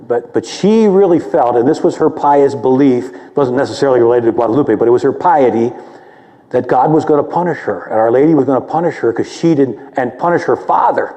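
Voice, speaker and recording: Warm-voiced male theologian in a reverberant hall. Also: medium pitch, fairly quick. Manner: conversational and humble, repeats words when excited. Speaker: theologian and lecturer. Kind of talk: public lecture, answering a question with a personal story. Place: lecture hall.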